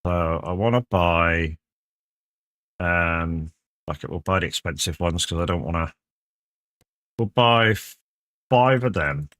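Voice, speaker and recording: Male streamer, relaxed and profane, talking to chat while playing; lowish, bright-edged voice. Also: slow pace, long pauses, dry recording. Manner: laid-back, swears freely, chats with viewers. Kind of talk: casual live gameplay chat.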